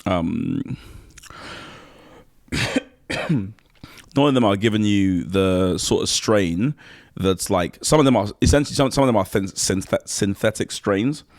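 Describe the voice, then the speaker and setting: A man's voice: lowish voice, expressive, a little slow, long pauses, no echo, studio quality. A man co-hosting a podcast in casual chat, teasing his co-host and restarting his sentences as he works through a point. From Nigeria.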